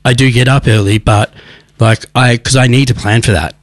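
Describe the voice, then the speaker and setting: A man's voice: mid-range voice, steady tone, normal speed, no room sound. Earnest rambling man, dry mic. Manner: earnest, rambling with many restarts. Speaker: radio show host. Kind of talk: casual recovery advice talk.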